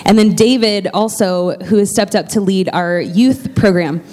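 A woman's voice: mid-range voice, unhurried, darkish tone. A woman pastor making church announcements from the pulpit, chatty and heartfelt, with plenty of fillers and restarts.

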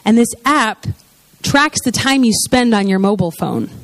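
Chatty higher-voiced woman preaching. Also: animated, normal speed, dry recording. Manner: chatty, full of "you know" and "like" asides. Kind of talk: conversational sermon.

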